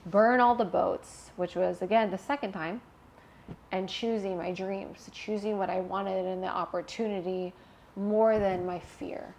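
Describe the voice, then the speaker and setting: Woman telling her story, animated. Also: mid-range voice, unhurried, a little hiss or hum. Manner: animated, laughs often, emotional retelling. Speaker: interview guest. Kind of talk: candid storytelling interview.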